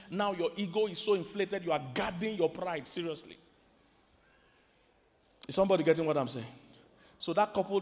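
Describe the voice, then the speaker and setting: A man with a Nigerian accent preaching about marriage to a live audience. He swings from loud emphatic lines to quiet asides and keeps asking the crowd questions. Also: sits high. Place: large hall with an audience. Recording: hall reverb from a large venue.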